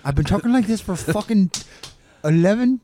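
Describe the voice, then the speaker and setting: A man putting on a brash Irish persona, talking in a high, boisterous way and swearing freely. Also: expressive, moderate pace, mellow, a little hiss or hum. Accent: Irish, put on. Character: a brash put-on Irishman, a grown man who has not settled on a name.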